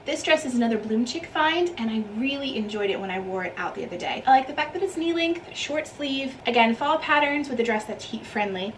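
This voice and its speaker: A woman's voice: fairly high pitch, expressive, brisk, few pauses, far from the mic, a little hiss or hum, poor audio. A woman fashion vlogger talking through a clothing haul in a chatty, upbeat way, a bit out of breath. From Ohio, United States. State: out of breath and hot. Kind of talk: casual clothing haul chat.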